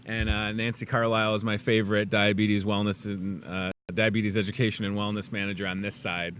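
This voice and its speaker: A man's voice: on the low side, flat delivery, fairly quick, fairly bright tone, slight background noise. A man from the Chicago suburbs hosting a live talk show, rambling and joking casually. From Chicago suburbs, USA. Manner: rambling and jokey, chatty asides. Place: inside a grocery store.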